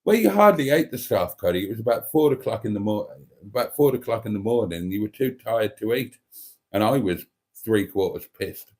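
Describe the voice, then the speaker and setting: A man's voice: on the low side, animated, brisk, a little mellow. A man hosting a casual live stream, rambling through a story and reading out viewer comments.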